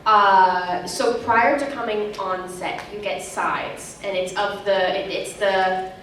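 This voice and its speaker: A woman's voice: mid-range voice, slow, distant mic, a little hiss or hum. Young woman telling stories in an echoey hall. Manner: animated, laughing, chatty. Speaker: panel guest. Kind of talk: convention panel storytelling. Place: large convention hall.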